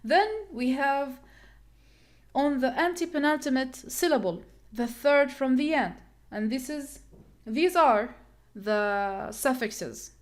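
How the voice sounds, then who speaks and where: Woman teacher, slow deliberate pace, fairly high voice, repeats each word and counts syllables. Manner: patient, repeats words slowly and counts syllables aloud. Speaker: English teacher. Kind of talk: classroom lesson on word stress.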